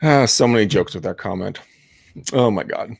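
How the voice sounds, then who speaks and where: A man in his thirties, a real estate agent hosting a casual call session, telling stories with profanity and loud laughter. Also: on the low side, moderate pace, gravelly, slightly rough, no echo. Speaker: real estate agent hosting a live cold-calling stream. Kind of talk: casual chat, storytelling.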